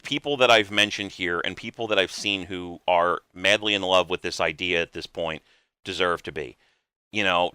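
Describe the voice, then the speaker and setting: A man's voice: on the low side, pushed and bright, clear, resonant tone, no room sound, studio quality. A man hosting a podcast, talking in an earnest, emphatic way and swearing casually. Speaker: podcast host.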